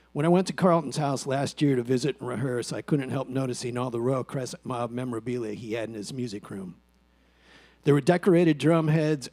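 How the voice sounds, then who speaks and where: Bandmate at a memorial, warm low tone, steady read, dry close sound. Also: male voice, no room sound. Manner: steady, reflective, dry humor. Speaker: eulogy speaker, former bandmate. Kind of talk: prepared memorial speech.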